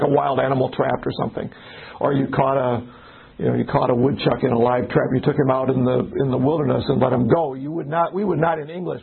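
A man's voice: mid-range voice, gravelly, narrow, tinny audio. A man leading an informal Bible study, talking conversationally, restarting sentences and acting out little exchanges. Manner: conversational, restarts often, acts out little dialogues. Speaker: pastor.

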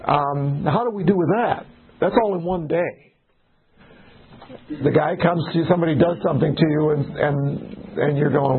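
In an informal Bible study, a pastor chats with the group, repeatedly restarting sentences and dramatizing little dialogues. His voice is on the high side and moves at normal speed, over phone-quality sound.

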